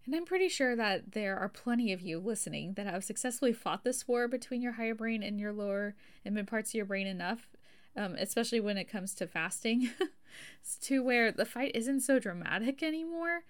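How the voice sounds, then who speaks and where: A woman's voice: on the high side, brisk. A woman hosting a casual religious teaching podcast, talking in a chatty, self-deprecating way, with frequent laughs and fillers. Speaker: podcast host.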